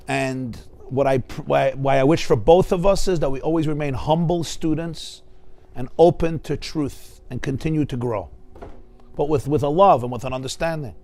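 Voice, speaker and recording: A man, a rabbi, giving a lively, joking Torah class in a study hall, acting out the people he describes. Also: a little high, normal speed. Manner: animated, joking, acts out voices of people he describes.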